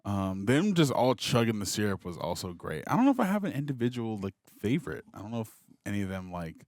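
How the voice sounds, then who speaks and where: A man co-hosting a movie reaction show, chatting casually in a relaxed way. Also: on the low side, quick pace, dry recording, studio quality. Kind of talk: casual chat.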